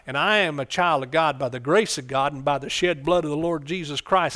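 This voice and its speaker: A middle-aged man preaching a fervent sermon, calling out for amens and swinging between soft asides and loud bursts. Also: a little high, brisk.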